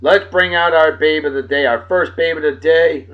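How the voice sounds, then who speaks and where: A man hosting a daily beer and song show in a rowdy, casual way, loud and excitable, swearing and joking, swinging from shouting to muttering. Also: on the high side, moderate pace, hardly any pauses, dull audio.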